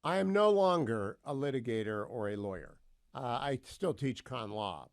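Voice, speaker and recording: A man in the middle of the male pitch range, hosting a talk radio show. He builds his questions slowly and deliberately, laying out each point before he hands it to his guest. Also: lively intonation.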